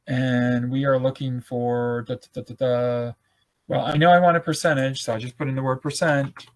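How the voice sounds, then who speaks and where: A man of ordinary pitch leads a live online class, clicking through a screen demonstration. He talks loosely and thinks aloud, correcting himself as he goes. His voice is a bit hoarse and comes through a computer mic on a video call. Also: fairly even intonation, moderate pace. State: losing his voice. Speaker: webinar presenter.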